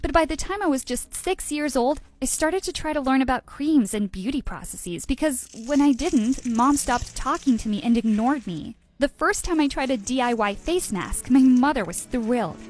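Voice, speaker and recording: A woman narrating a first-person storytime tale in an even, measured way. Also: high voice. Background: background music.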